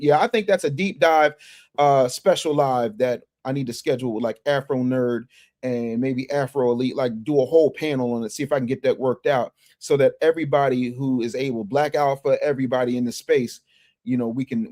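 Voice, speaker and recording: A man with a medium-pitched voice hosts a casual livestream of news commentary, reading viewer chats aloud. He comments in an animated, emphatic way, repeating phrases and restarting often.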